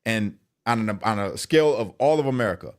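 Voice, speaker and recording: A man's voice: on the low side, expressive, brisk. A man hosting a podcast who talks emphatically and repeats his points in casual chat. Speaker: podcast host.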